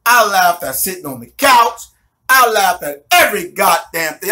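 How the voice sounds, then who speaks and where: A man, telling a testimony in an animated, slangy way, swearing, laughing often and checking that the listener follows. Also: sits high, normal speed. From New York City. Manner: swears a lot, street slang, keeps asking if you follow. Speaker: minister giving a testimony.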